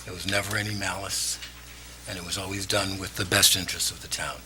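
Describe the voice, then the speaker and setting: Male council president, very deep, emotional halting delivery, noisy room. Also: level tone. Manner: emotional, halting speech with many fillers. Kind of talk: council meeting farewell remarks. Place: town hall council chamber. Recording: noisy meeting room recording.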